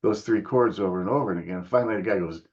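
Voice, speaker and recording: An older American musician, a guest in a casual storytelling interview, tells a lively story very fast. He's an animated storyteller who acts out other people's lines in higher voices. The recording is muffled.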